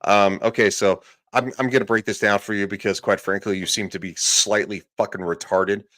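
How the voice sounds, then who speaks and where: A man's voice: on the low side, fairly even intonation, moderate pace, a bit bright. A man giving casual live commentary on a podcast clip, profane and sarcastic, with laughing asides. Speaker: streamer reacting to a podcast clip.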